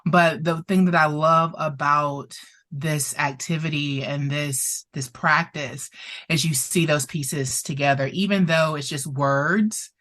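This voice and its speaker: A woman's voice: deep voice, steady tone, takes it slowly, a bit bright. A woman therapist presenting as a guest, telling a story expressively, laughing often and getting emotional. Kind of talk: animated storytelling in conversation.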